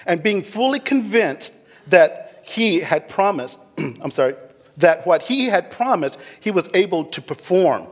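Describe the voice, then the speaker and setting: A man preaching a sermon as pastor, animated, acting out scripture figures with laughter. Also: sits high, measured pace, big-room sound.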